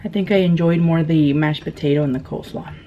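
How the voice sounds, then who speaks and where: A woman in her thirties chats and tells stories as she eats on camera, talking loosely with lots of fillers and easy laughs. Her voice sits fairly low. The sound is dull and lo-fi with a faint hiss behind her. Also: fast, warm tone. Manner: chatty, laughs often, many fillers. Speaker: mukbang vlogger. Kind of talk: casual storytelling while eating.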